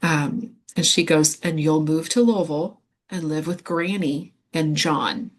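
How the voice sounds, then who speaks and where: A woman in her thirties from the United States telling a hard personal story as an interview guest, candid and halting, with many fillers. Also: low voice. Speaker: guest medium.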